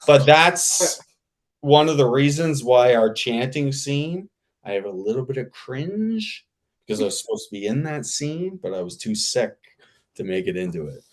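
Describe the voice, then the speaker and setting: Male actor guest, mid-pitched, spins an anecdote with lively repetition and laughter. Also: moderate pace. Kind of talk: casual anecdote storytelling.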